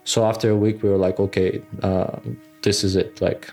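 A man recalling his past in a halting, conversational interview, full of fillers. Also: low-pitched, level tone, darkish tone, soft background music. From Nagorno-Karabakh. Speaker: interviewee recounting his war experience.

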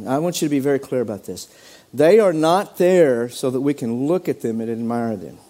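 A man preaching a sermon as pastor, animated, acting out quoted voices with sudden jumps in pitch. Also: brisk.

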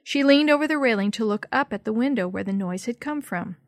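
A woman narrating a children's story in a steady, clear read-aloud style. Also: fairly high pitch, brisk, dry recording.

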